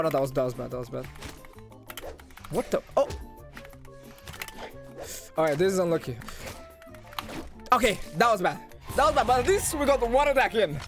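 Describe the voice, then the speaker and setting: An excitable young man commentates his own gameplay, cheering his hits and groaning at his slip-ups. His voice sits high and leaps around in pitch. Game music plays clearly underneath. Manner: excitable, shouts and laughs at big plays. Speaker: gaming streamer.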